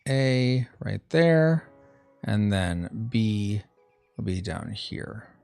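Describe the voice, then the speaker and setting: A man hosting a casual art live stream, thinking out loud as he works, reading chat messages and making playful sound effects. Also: fairly low pitch, animated, extremely slow, vocal fry, clean tone, faint music behind. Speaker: streamer and podcast host.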